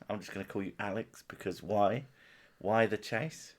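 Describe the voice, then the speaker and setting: Young male streamer, low voice, unhurried, swears a lot, casual banter. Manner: sweary, jokey banter, laughs often. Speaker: stream host. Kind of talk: casual stream chat with co-host.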